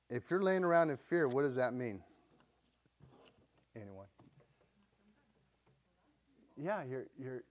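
A male preacher gives a loose, chatty sermon. He talks to his congregation like friends, tosses questions out to them and retells scripture in plain everyday words. His voice sits at a middling pitch. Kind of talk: conversational sermon.

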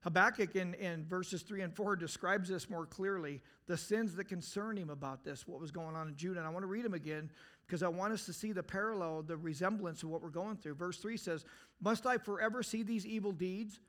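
A man with a high voice preaches a sermon in an earnest, searching tone. He keeps asking the listeners direct questions. He swells into emphatic outbursts and then sinks back to a low, quiet delivery. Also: a little fast. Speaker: pastor.

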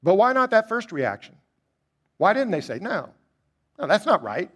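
A man preaching a sermon, emphatic and asking rhetorical questions, climbing high on key points and dropping low and quiet to reflect. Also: sing-song, normal speed.

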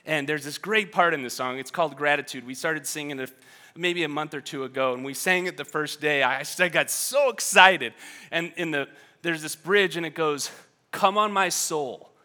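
A man preaching with a high, bright voice. He swings from quiet reflection to shouted exhortation and often repeats himself mid-thought. His tone is bright and forceful. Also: moderate pace. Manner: repeats words and restarts when thinking. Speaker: pastor. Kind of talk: sermon.

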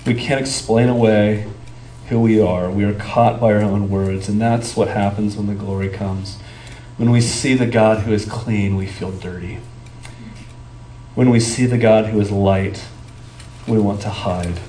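A man's voice: on the low side, fairly even intonation, a little slow, mellow, slight background noise. Conversational man preaching in an echoey room. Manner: conversational, searching for words with fillers. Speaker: pastor. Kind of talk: sermon. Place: church sanctuary. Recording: echoey room with faint ambience.

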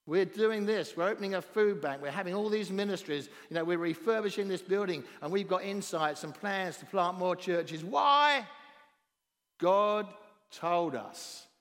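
A man with a southern English accent preaching a sermon as a visiting pastor, emphatic and at times rising almost to a shout. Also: high voice, normal speed, hardly any pauses. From southern England. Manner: emphatic, rising to near-shouting on key phrases. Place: church hall. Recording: reverberant church hall.

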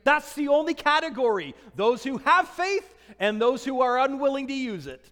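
A man with a very high voice delivers a lively sermon, reading scripture and acting out its voices. His words carry a long reverb, as if recorded in a large church hall. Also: moderate pace. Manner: animated preaching, acting out scripture dialogue. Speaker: pastor.

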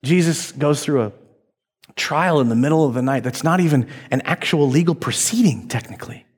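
A male pastor preaching a sermon, retelling a story in a lively, conversational way. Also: a little high, brisk, slightly rough.

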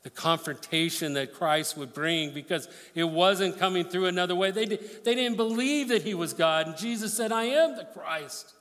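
Male pastor, high voice, sermon with scripture readings, echoing hall. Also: moderate pace, few pauses, fairly bright tone. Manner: reads scripture aloud then explains it, emphatic.

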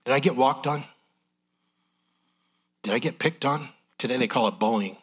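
A man's voice: mid-range voice, normal speed, breathy edge. A middle-aged man preaching a sermon in a folksy, candid, emotional way. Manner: folksy, transparent, emotional delivery.

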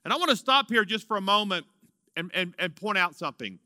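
A man's voice: high-pitched, lively intonation, brisk, pushed and bright, no echo, studio quality. A man in his fifties preaching a sermon, dramatically drawing out key words and acting out the lines of the story. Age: 50s. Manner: emphatic preaching, draws out key words, acts out dialogue. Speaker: pastor.

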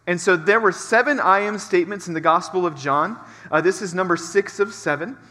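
Emphatic pastor, high bright voice. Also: male voice. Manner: emphatic, building repetition. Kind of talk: sermon. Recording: long reverb from a large hall.

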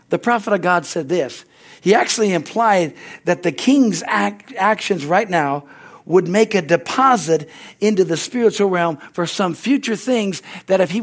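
A male pastor preaching a sermon with lots of energy, often calling out "Amen?" and restarting his sentences. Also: high-pitched. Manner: restarts and repeated words.

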